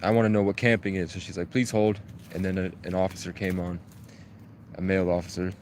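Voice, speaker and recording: Man, low voice, rambling and profane outdoor phone livestream, light background hiss. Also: little pitch movement, fast. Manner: profane, rambling, agitated storytelling. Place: outdoors in the woods. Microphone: phone held at arm's length.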